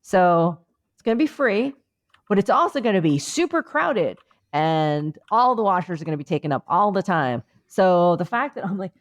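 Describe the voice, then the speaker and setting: A woman's voice: fairly low pitch, big pitch swings, moderate pace. Woman cohost rambling on, mock-serious mindfulness bit, lots of uhs and you knows. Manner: rambling, mock-earnest, many fillers. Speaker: podcast co-host. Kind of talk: comedic chat and mock mindfulness monologue. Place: remote, on vacation.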